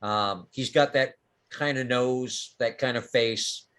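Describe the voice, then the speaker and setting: A man's voice: medium pitch, slow, a bit bright, smooth. A man narrating as game master of a tabletop game in a casual, rambling way.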